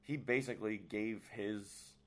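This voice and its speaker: A man's voice: fairly low pitch, measured pace, background noise. A man hosting a casual podcast chat, rambling along with many fillers. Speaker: host.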